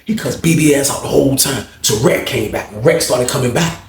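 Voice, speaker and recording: A man's voice: medium pitch, brisk, slight background noise. A man casually telling a story in slangy, rambling speech. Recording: roomy echo.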